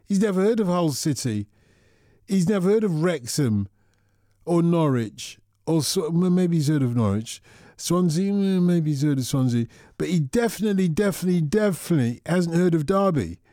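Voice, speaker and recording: A man's voice: fairly high pitch, expressive, normal speed, warm tone, no room sound, studio quality. A man hosting a radio phone-in, chatting casually with callers in a rambling, repetitive way. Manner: rambling, repeats himself, chatty.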